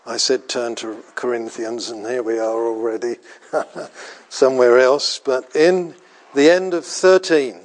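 An older man preaching a sermon in a slow, deliberate way, pausing often and repeating phrases for weight. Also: medium pitch, steady tone.

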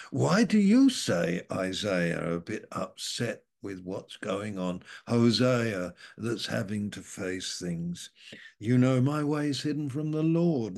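A man preaching an informal sermon that explains Bible verses, rambling and saying "you know" often, dropping at times from loud to hushed. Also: on the low side, vocal fry.

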